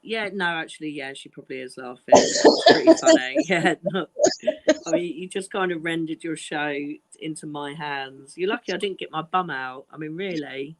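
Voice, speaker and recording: A woman's voice: sits low, moderate pace, a crowd in the background. A woman chatting casually on a livestream, filling time with bad jokes, giggly and sweary with lots of fillers. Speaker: stand-in co-host.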